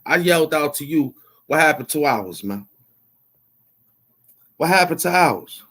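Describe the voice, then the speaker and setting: A man's voice: a little high, lively intonation, unhurried, fairly bright tone, husky. A man hosting his own channel, taunting and repeating himself as he demands money he says he is owed. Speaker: YouTube show host. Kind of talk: confrontational rant to camera.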